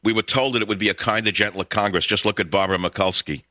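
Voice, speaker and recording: New York talk radio host, lowish bright forceful voice, dry close studio sound, excitable rambler. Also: male voice, fast talker, no echo. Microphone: studio microphone.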